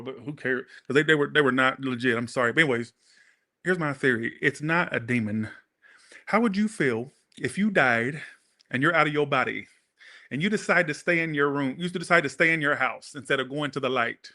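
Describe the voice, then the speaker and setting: In a mid-range voice with a sharp edge, talking a little fast, a tarot reader wanders off-topic during an informal reading. He curses freely and addresses his viewers, repeatedly saying sorry to them.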